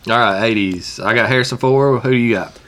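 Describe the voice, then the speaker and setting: A man co-hosting a casual podcast, easygoing and relaxed as he lists names off the top of his head. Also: mid-range voice, a little fast. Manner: easygoing, listing names as he goes. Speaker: podcast co-host.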